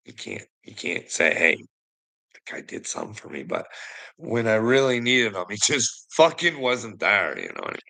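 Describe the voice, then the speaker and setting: Gravelly man, rambling and swearing. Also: on the low side, wildly swooping pitch, normal speed, low-quality recording. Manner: rambling, heavy swearing, frequent "you know what I mean"; trails off quietly at phrase ends. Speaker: vlogger. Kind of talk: casual monologue to camera.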